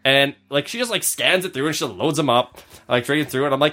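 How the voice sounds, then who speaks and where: A man's voice: medium pitch, fairly quick, soft background music. A man co-hosting a podcast, telling stories in casual chat and acting out the voices of the people in them. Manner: animated storyteller, acts out quotes. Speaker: podcast co-host.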